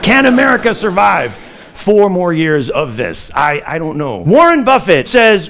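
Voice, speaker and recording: A man's voice: high-pitched, sing-song, measured pace, a bit bright. A man from Chicago doing stand-up comedy on stage, chatty and storytelling, laughing at his own lines.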